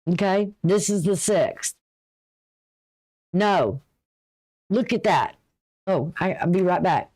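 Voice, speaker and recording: A woman's voice: on the low side, slow, a little mellow. A woman giving a casual, folksy astrology reading, chatty and advice-giving, with a runny nose. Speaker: astrology and tarot reader.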